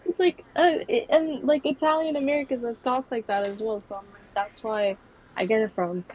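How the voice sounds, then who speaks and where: A woman's voice: a little high, moderate pace, a little mellow, highs cut off. Rambling young woman, casual chat. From New York City. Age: young adult. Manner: rambling, many fillers and restarts. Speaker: guest.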